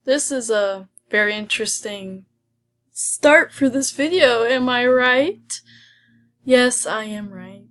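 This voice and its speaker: A young woman chatting casually over gameplay, excitable and often dropping into a whisper. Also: fairly high pitch, unhurried. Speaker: gaming video host.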